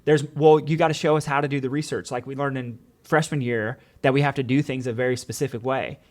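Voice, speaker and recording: A man's voice: mid-range voice, fairly even intonation, fast talker. A man, a former teacher, talking in a casual podcast conversation, telling earnest stories and quoting his students and their parents. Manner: earnest storytelling with many "like"s and quoted dialogue.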